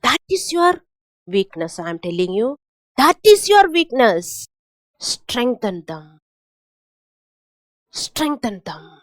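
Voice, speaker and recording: A woman's voice: medium pitch, very animated, takes it slowly, long pauses, dry recording. A woman pastor from India, preaching a sermon with emphatic repetition and rhetorical questions.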